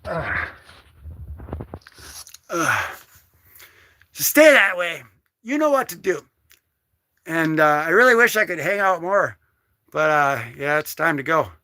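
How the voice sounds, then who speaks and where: An excitable man hosting a casual comic book vlog, joking and slangy as he talks through his comics. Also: a little high, slow, pauses often, dry recording, clean studio sound. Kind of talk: casual livestream commentary.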